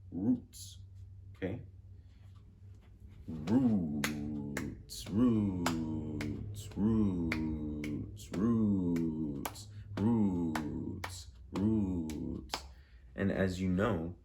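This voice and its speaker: During a music lesson, a man patiently works through rhythms and asks questions, going slowly and repeating words over and over. His voice is low with a darkish tone.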